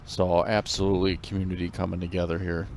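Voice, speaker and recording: A man co-hosting a live fishing stream in relaxed, conversational commentary, often pausing on fillers. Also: sits low, slight background noise.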